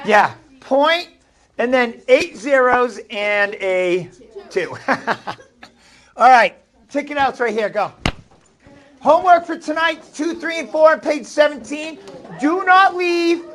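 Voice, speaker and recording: A man's voice: very high-pitched, slow pace, a bit bright. A man with a Maine accent teaching a math class, chatty and jokey, often shushing his students. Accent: New England (Maine).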